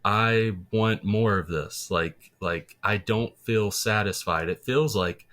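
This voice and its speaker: A man's voice: lowish voice, takes it slowly, a bit bright. A man talking as a podcast guest in casual, enthusiastic chat, rambling a little with restarts.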